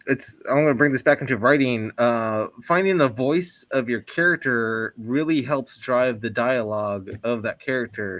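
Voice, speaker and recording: A man's voice: mid-range voice, a bit bright, dry recording. Brief: writer in a round-table chat, man, plainly explanatory, close dry recording. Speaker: author and screenwriter.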